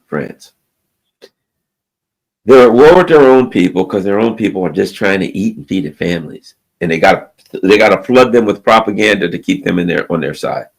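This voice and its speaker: A man delivers a sarcastic solo rant with a gravelly, rough texture in his voice. His pitch rises and dips animatedly as he presses his points. He stumbles into restarts and repetitions as he goes. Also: poor audio. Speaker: political commentator. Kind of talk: ranting solo commentary.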